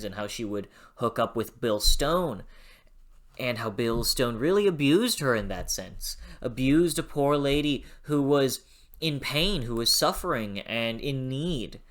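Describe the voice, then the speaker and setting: A young adult reviewing a book in a casual vlog, rambling and gushing, then bursting into loud swearing rants. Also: medium pitch.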